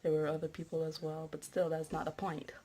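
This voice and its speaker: A woman's voice: low voice, completely flat delivery, fairly quick, warm tone, a little hiss or hum. A young woman telling a story in a casual vlog, indignant and ranting with rhetorical questions. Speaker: vlogger.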